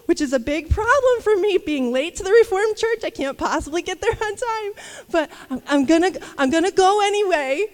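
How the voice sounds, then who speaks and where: A woman's voice: high-pitched, animated, moderate pace. A woman minister giving a candid, rambling devotional talk full of fillers. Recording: long reverb.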